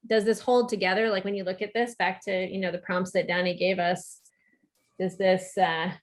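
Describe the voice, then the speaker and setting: Woman facilitating an online meeting. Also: medium pitch. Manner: guiding, asks the group questions, many filler ums. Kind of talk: online group meeting discussion.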